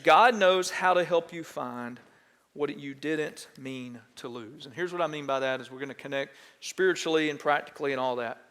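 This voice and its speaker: A Texan pastor preaches a conversational sermon in a church sanctuary, repeatedly checking in with the congregation and asking them questions. His smooth, fairly bright voice is on the high side at normal speed, trailed by a long reverb.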